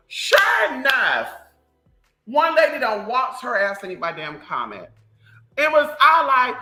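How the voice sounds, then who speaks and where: A livestream host ranting casually to viewers in a sassy, profane, animated way. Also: medium pitch, normal speed, rough recording. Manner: animated storytelling.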